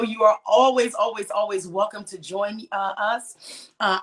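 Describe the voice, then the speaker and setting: Woman, author and life coach hosting a live book talk, energetic and preachy, medium-pitched voice. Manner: energetic, preachy and encouraging, repeats phrases for emphasis.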